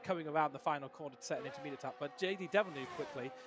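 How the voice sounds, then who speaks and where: A man giving live commentary on a sim racing session, building excitement on fast laps. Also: a little high. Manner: excitable, rising on fast laps, some restarts.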